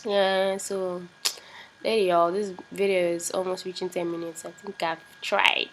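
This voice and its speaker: A woman's voice: lowish voice, little pitch movement, unhurried, slight background noise, poor audio. A young Nigerian woman with a Nigerian accent, chatting casually and rambling to her viewers. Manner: chatty, rambling, laughs easily. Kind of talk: casual vlog chat.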